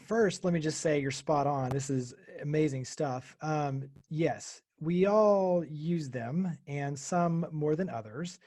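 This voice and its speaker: A man's voice: a little high, takes it slowly, hardly any pauses, dark tone. A man who hosts a podcast and radio show, chatting upbeat during a webinar. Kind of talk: casual webinar comment.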